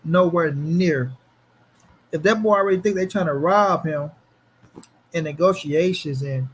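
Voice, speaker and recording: Animated slangy man hosting a live stream. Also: a little high, a little slow, pauses often, slight background noise. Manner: animated, slangy, talks back to chat. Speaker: boxing commentary channel host. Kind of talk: casual livestream chat.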